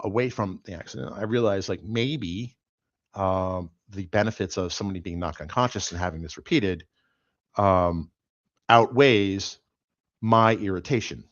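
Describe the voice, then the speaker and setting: A middle-aged man, still sore after an accident, hosting a show and telling a rambling, animated story with lots of fillers. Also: low voice, no echo, lo-fi sound. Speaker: host. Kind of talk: casual chat.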